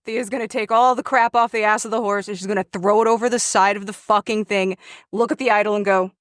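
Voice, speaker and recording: A woman's voice: a little high, fairly even intonation, quick pace, fairly bright tone, no echo, studio quality. A woman playing a tabletop game, talking bluntly and swearing casually. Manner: profane, blunt. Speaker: player.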